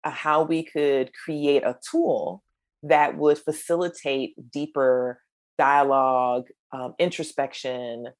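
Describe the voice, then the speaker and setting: Low-voiced woman telling stories. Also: slow. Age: middle-aged. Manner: animated storyteller, acts out quoted voices. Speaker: guest, creator of a menopause storytelling project. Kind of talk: storytelling in a podcast conversation.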